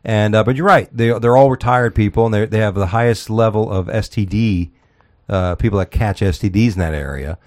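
A male talk radio host with a fairly low voice rambles through the news in a loose, profane way. He stumbles over words and laughs at his own jokes as he goes. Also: brisk, a little mellow. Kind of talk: casual comedy talk radio. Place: Florida.

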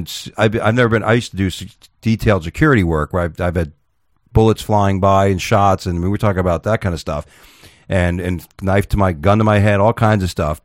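A man's voice: fairly low pitch, no room sound, studio quality. A man hosting a casual chat, telling rambling, profane stories with many restarts.

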